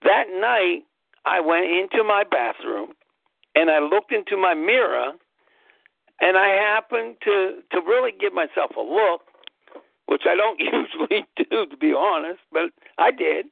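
A man's voice: sits high, animated, unhurried, creaky, no echo. A man hosting a personal health talk, telling his story earnestly and repeating key phrases for emphasis. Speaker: host. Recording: tinny phone-like line, dry.

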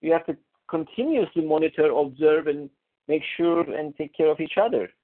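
A man on a coaching call, talking in a halting way, restarting and searching for words. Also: on the high side, lively intonation. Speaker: coaching client. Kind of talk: casual conversation on a coaching call. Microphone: call audio. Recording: narrow phone-line call audio.

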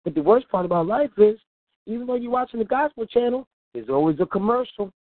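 A man's voice: high-pitched, lively intonation, fairly quick, no echo. A man hosting a radio show, giving casual, preachy talk in a colloquial manner and laughing often. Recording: tinny phone-like line, dry.

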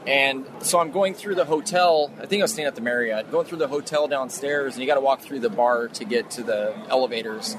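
A man's voice: medium pitch, fairly quick, few pauses. A man casually telling an anecdote at a convention, acting out what people said. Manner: animated, acts out quotes. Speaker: convention interviewee. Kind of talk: casual storytelling. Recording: noisy street background.

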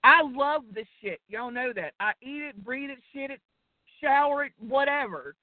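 A woman's voice: high voice, lively intonation, normal speed, no room sound. A woman, ranting casually about wrestling, irritated and profane. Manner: irritated, profane, rambling rant. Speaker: co-host. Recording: tinny phone-line audio.

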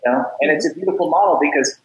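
Energetic man with a roomy echo. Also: fairly high pitch, very fast. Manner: energetic, repeats words when starting sentences. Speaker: podcast guest, startup founder. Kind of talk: casual interview talk, storytelling.

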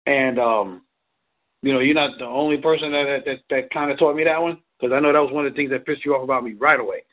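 A man's voice: mid-range voice, fairly even intonation, quick pace. A man giving casual relationship advice, rambling, repeating words and laughing often. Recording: tinny phone line.

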